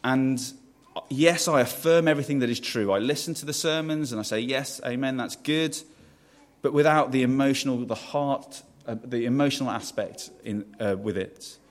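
A man's voice: mid-range voice, moderate pace. A man preaching a sermon in a conversational way, putting questions to the congregation and restarting phrases as he goes. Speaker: pastor.

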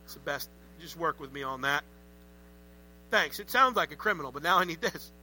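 Male pastor, sermon, high voice, very bright tone, chatty and animated. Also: fairly quick, a little hiss or hum, rough recording. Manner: conversational, animated, joking asides.

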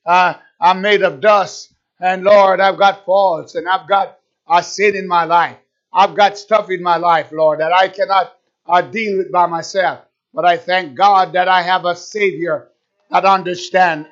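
Guy preaching hard, high voice, keeps asking the crowd questions, muffled lo-fi sound. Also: fairly bright tone. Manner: fervent, repetitive rhetorical questions. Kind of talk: sermon. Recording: dull lo-fi recording.

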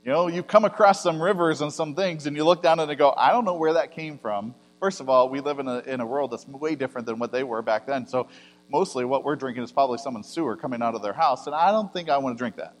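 A man's voice: mid-range voice, quick pace. Man preaching in an echoing hall. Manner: conversational preaching, swings between loud emphasis and quiet asides. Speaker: pastor. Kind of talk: sermon. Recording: long hall reverb with mains hum.

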